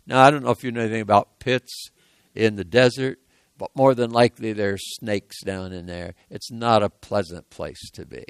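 A man's voice: on the low side, moderate pace, clear, resonant tone, no echo. A man preaching a sermon, retelling a story in a folksy way with asides to his congregation.

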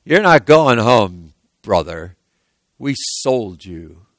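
A man's voice: fairly high pitch, big pitch swings, slow, fairly bright tone, no room sound, heavily acted, rough recording. Man doing sneering jealous brothers. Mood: cold. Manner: sneering, mocking. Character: resentful scheming older brothers.

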